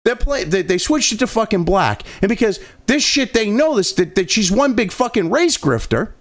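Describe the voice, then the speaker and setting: High lively man host, sarcastic foul-mouthed rant. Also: vocal fry. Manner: crude, sarcastic, heavy swearing. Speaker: host of a political commentary channel. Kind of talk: profane political rant.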